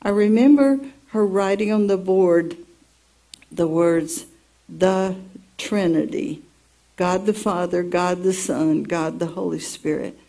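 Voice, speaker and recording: A woman's voice: fairly low pitch, mellow. A woman teaching from the Bible, reading the passage aloud and telling her own story around it in an earnest way. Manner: slow, earnest storytelling with personal asides.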